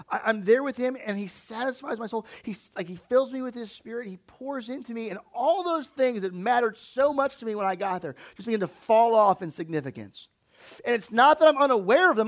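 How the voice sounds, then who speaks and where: A young man with a high-pitched voice preaches to his church. He talks in an easy, conversational way. He keeps putting direct questions to the people listening. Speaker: pastor. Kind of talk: sermon.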